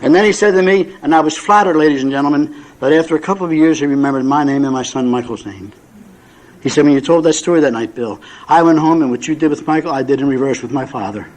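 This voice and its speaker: A man's voice: on the high side, fast talker, a little mellow, low-quality recording. An older man sharing a personal story at a recovery meeting, folksy and emotional, acting out the dialogue. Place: meeting room with audience.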